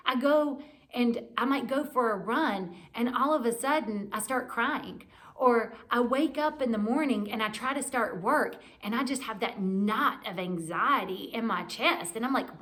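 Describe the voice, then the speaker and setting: A woman in her forties speaks in a candid, reflective way. She is giving a personal devotional talk for a church and gently encourages her listeners. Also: fairly high pitch, a little slow.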